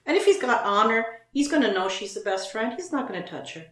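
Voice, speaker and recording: A woman's voice: on the high side, sing-song, fairly quick, fairly bright tone, roomy sound. A woman co-hosting a casual show, reading online posts aloud and commenting on them.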